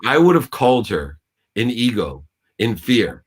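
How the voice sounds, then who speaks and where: A man's voice: medium pitch, very animated, unhurried, husky. A man on a video call telling a personal story in an intense, preachy way, as a business coach guest. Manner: intense, preachy, acts out shouting in quotes. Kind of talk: animated storytelling in a talk interview.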